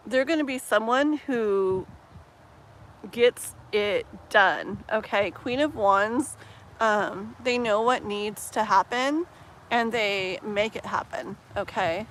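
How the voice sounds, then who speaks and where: A woman's voice: fairly high pitch, low-quality recording. Chatty woman doing live tarot. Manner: casual, filler-heavy, with soft laughs; slows down and muses while shuffling. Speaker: tarot reader. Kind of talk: live-stream tarot reading.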